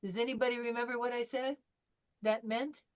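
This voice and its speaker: A woman's voice: fairly high pitch, steady tone, fairly quick, clear, resonant tone. An older woman from California teaching a French class, chatting through anecdotes with fillers and restarts. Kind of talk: classroom lesson wrap-up.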